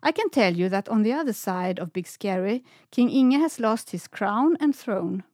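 A woman reading a storybook, voicing an excitable young female dog who asks wide-eyed questions. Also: medium pitch, moderate pace, no echo, clean studio sound, natural voice. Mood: excited.

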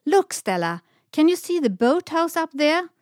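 A woman's voice: medium pitch, expressive, moderate pace, darkish tone, dry recording, studio quality, natural voice. A woman reading a storybook, voicing a cheeky little female dog who talks convincingly and proudly. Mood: playful.

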